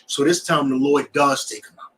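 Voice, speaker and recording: A man teaching a scripture class in an animated way, often checking that his students understand. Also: medium pitch, normal speed, distant mic, rough recording.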